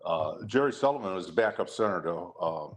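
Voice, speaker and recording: An older man from Detroit, a retired football player, telling lively stories in casual chat, acting out quotes and laughing often. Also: low voice, fairly quick. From Detroit, USA. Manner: animated storyteller, acts out quotes, laughs often.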